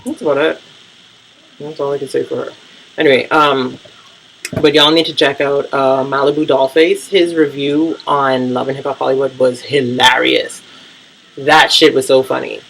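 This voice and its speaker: A man's voice: mid-range voice, level tone, moderate pace, gravelly, fairly bright tone, poor audio. A man vlogging casual reality-TV commentary, blunt, profane and gossipy.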